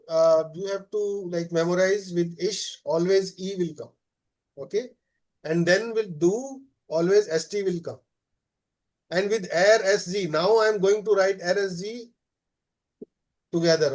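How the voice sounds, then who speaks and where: High-voiced teacher. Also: male voice, a little mellow. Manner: explains slowly, checks with frequent "okay?"; many "uh" fillers. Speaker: German teacher. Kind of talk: live class lesson.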